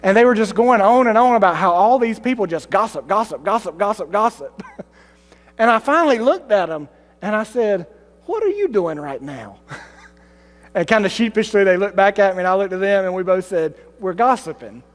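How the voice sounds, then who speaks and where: A male pastor delivering a sermon, swinging between mocking high voices and low, solemn ones, with self-deprecating humor. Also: moderate pace. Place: church sanctuary. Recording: long hall reverb with mains hum.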